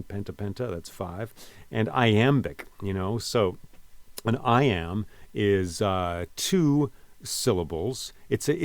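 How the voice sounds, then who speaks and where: A man's voice: on the low side, no room sound. A man giving a reflective spoken lesson on a poem, reading lines aloud and explaining them with casual asides. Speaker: poet and teacher.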